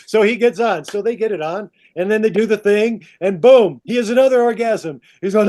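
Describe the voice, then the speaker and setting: Guy on a podcast telling a story, lively, kinda high voice. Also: normal speed, few pauses. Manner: lively, repeats 'all of a sudden'. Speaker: podcast guest. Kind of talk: animated storytelling.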